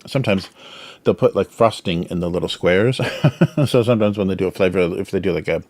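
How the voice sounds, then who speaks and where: A man's voice: low voice, fairly quick, a little mellow, no room sound. A man hosting a casual drawing livestream, rambling with many fillers and talking with his mouth full as he snacks. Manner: filler-heavy, chuckles often. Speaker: livestream host, cartoonist.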